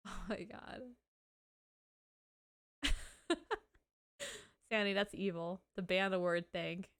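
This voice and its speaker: A woman's voice: medium pitch, steady tone, drawn-out words, long pauses, a bit bright, smooth. A woman streaming live, chatting casually, giggling, swearing and teary as she thanks her viewers.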